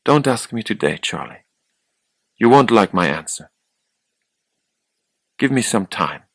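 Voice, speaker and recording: A man reading the lines of a guarded woman who answers in a cool, measured way. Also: on the low side, big pitch swings, gravelly, slightly rough, dry recording, heavily acted. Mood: reserved.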